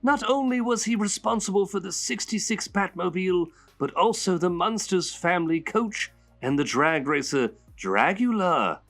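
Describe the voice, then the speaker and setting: A man's voice: high voice, expressive, normal speed, hardly any pauses, a bit bright, soft background music, pitched above the performer's own voice, exaggerated voice. Joker voice, as a man puts it on. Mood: playful. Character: man doing a Joker voice reading a fan letter. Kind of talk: reading a listener letter aloud.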